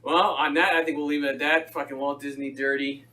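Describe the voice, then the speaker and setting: A man's voice: fairly high pitch, steady tone, fairly quick, bright, forceful tone. A man hosting a casual podcast, trading crude, jokey banter with friends. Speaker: podcast host. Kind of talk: casual chat.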